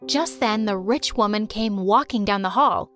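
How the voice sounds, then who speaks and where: A woman narrating a first-person animated story in a dramatic, expressive way. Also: medium pitch, moderate pace, faint music behind.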